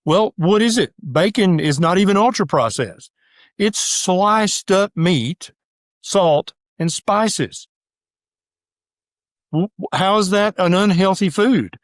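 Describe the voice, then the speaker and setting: A middle-aged man, a doctor and guest, talking in an emphatic, rapid-fire way and acting out the voices of his critics in a casual interview. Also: high voice, animated, no echo, studio quality. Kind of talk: animated casual interview talk.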